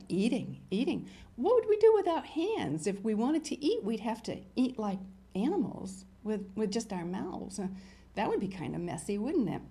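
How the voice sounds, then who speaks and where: Older woman, kids' TV host; lively, sing-song storyteller talking to children, mid pitch. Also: creaky. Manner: animated, storytelling, talks to young viewers. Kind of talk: reading a picture book aloud to children.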